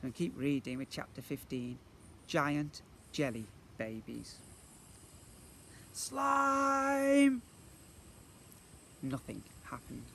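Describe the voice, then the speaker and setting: A man, a primary school teacher, reading a children's book aloud in an expressive way. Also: medium pitch, creaky, slight background noise. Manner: animated, expressive storyteller.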